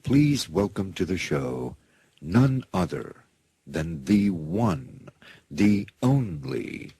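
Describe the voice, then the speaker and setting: A rambling male radio host from the United States talks slowly, in a husky, lowish voice. His pitch swings up and down a lot as he keeps checking in with his listeners. The sound is dry and close, with no room around it. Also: sing-song, dark tone, no echo. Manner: rambling, constantly checking in with "okay?" and "that's right"; playful, showman-style introductions. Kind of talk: casual talk-radio monologue.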